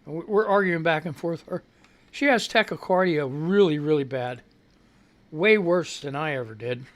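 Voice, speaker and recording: A man hosting a casual live radio show, rambling loudly and swearing freely from a home studio. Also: a little high, normal speed. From United States.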